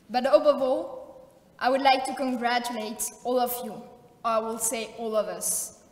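Young french woman giving a grad speech, a bit high voice, echoey big hall. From France. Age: 20s. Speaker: valedictorian. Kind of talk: formal graduation speech. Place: large ceremony hall. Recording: echoey hall, distant mic.

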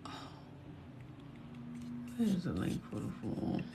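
A woman hosts a casual livestream Q&A in a hoarse, gravelly voice that keeps cracking. She sits fairly low in pitch and sounds folksy and chatty, often muttering to herself as she works. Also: wildly swooping pitch, slow pace, very noisy. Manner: folksy, chatty, talks to herself while searching. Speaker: host answering viewer questions.

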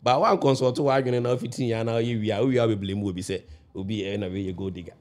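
A man's voice: fairly low pitch, fairly even intonation, quick pace, a little mellow. A man, a guest on a radio talk show, explaining his view at length, often restarting and checking that the listener understands. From Ghana.

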